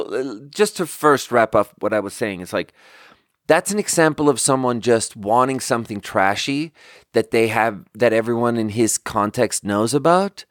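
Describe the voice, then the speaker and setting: A man's voice: mid-range voice, dry recording, studio quality. A young man from Sweden telling a rambling, exasperated story in casual podcast chat and swearing freely. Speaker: podcast host.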